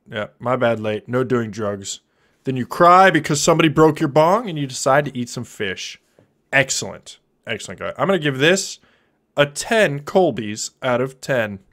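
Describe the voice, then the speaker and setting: A man in his thirties giving goofy, joking commentary on a live stream while playing a drawing game. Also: mid-range voice. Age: 30s. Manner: goofy, jokey, with sudden loud silly outbursts.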